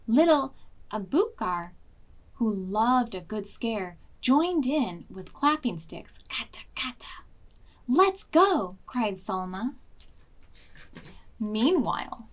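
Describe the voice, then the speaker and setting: A woman librarian reads a picture book aloud at a preschool storytime, acting out sound effects. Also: fairly high pitch. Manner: slow, expressive, sound-effect reading. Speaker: children's librarian.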